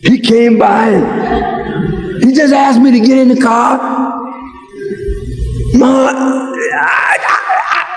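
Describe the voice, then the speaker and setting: A man's voice: extremely high pitch, fairly even intonation, slow, long pauses, reverberant, raised voice, in a large hall, faint music behind. A man voicing a young man in jail who stammers, sobs and begs his mother to get him out. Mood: desperate pleading. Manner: pleading, sobbing, stammering.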